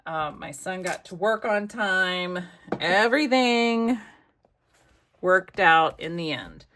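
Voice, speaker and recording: A woman's voice: on the low side, expressive, takes it slowly, fairly bright tone. A middle-aged American woman telling a rambling story while crafting, with chatty asides to herself. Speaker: crafting vlogger.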